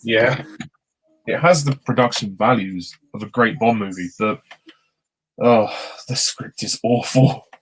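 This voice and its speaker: A man's voice: fairly low pitch, a little slow, rough recording. A man giving casual film commentary with dry, wry one-liners.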